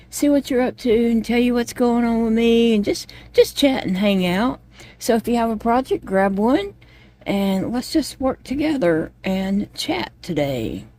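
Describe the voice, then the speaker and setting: A woman's voice: a little high, dark tone, dry recording. A woman chatting casually to viewers while she crochets at home, rambling from one thought to the next. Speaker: vlogger.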